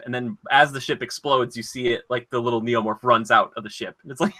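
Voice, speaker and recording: A man co-hosts a casual chat podcast. His voice is very bright and forward. He talks in an animated, rambling flow full of "uh" and "like" as he retells things. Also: medium pitch, brisk. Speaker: podcast co-host.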